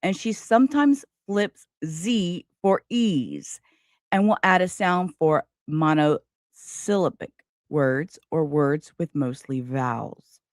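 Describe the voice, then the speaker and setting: A woman's voice: sits low, animated, slow pace, no echo. A woman hosting a casual true crime live stream, chatting straight to her viewers.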